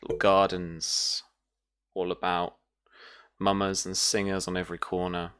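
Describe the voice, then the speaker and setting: A man narrating as game master of a tabletop role-playing game, with measured, soft-spoken narration. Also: deep voice, completely flat delivery, clear, resonant tone.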